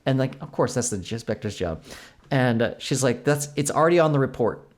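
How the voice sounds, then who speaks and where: A young adult man with a mid-range voice talks fairly quickly while co-hosting a podcast. In casual chat, he tells stories in an animated way, acting out the people in them and their quoted exchanges.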